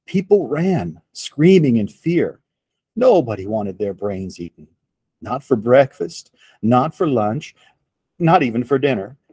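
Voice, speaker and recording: A man reads a children's picture book aloud, unhurried and expressive. His voice has a slight husky edge, and the recording is dry and close with no room sound. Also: mid-range voice, dry recording. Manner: slow, expressive read-aloud. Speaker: storyteller for children.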